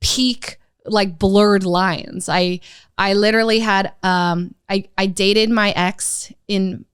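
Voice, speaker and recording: A woman's voice: medium pitch, slow pace, smooth, no echo, clean studio sound. A young woman chatting casually as a podcast guest, telling a long personal story with lots of fillers. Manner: storytelling, animated, many fillers. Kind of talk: casual chat.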